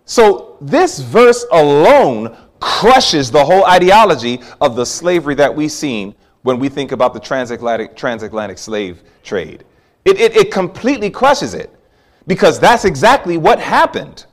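A man preaching a sermon, telling a personal story with animated swings from hushed asides to loud exclamations. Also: on the high side, normal speed.

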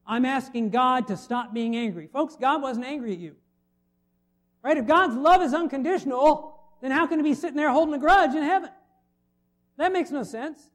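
A man's voice: extremely high pitch, moderate pace, pauses often. A middle-aged man preaching a sermon, conversational and full of rhetorical questions to the congregation. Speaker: pastor.

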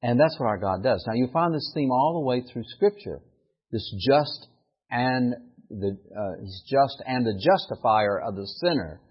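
Animated male preacher, husky voice. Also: medium pitch, moderate pace, dull audio. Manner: animated preaching, rising to emphatic peaks. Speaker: pastor. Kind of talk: sermon.

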